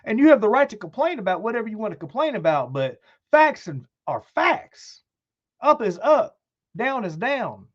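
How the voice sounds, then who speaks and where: A man's voice: high-pitched, sing-song, moderate pace, muffled recording. A man hosting his channel, ranting bluntly and heatedly about sports, swearing and rambling. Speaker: channel host.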